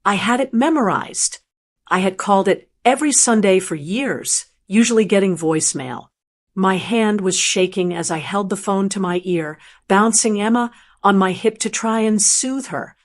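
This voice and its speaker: An older woman narrating a first-person family drama story in a calm, measured voice. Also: medium pitch.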